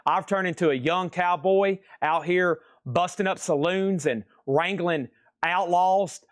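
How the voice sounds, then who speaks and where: Rattling off record grades and prices at speed, a man hosts a live online sale and trades jokes with his viewers between lots. He has a high-pitched voice, and the sound is clean studio quality with no echo.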